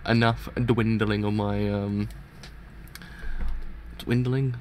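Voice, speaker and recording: A man's voice: fairly low pitch, little pitch movement, takes it slowly, a little mellow, a little hiss or hum. A young man giving rambling, casual live reaction commentary, often correcting himself. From England. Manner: rambling, self-correcting chatter. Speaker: reaction streamer.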